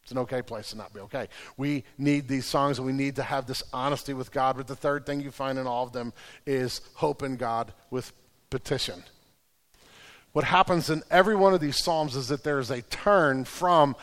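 Pastor guy giving a sermon, kinda high voice, goes quiet then loud and urgent, big reverby church hall. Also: moderate pace.

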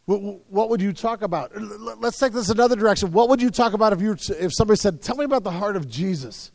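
Man, sermon, high voice, earnest, repeats words, loud then soft, dry sound. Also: expressive, fast talker, dry recording, big-room sound. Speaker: pastor.

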